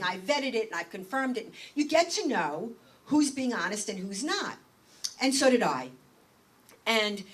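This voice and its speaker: A woman's voice: a little high, far from the mic. Emphatic woman telling stories to a crowd. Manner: emphatic, storytelling, repeats key phrases for effect. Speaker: speaker at a book signing. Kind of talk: animated speech to an audience. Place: meeting room.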